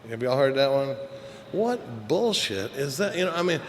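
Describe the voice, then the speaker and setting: A middle-aged AA speaker from Texas gives a candid, joking, profane talk at a recovery meeting, rambling with many fillers. His medium-pitched voice swings widely in pitch at a moderate pace. The meeting-hall recording is echoey with a faint hiss.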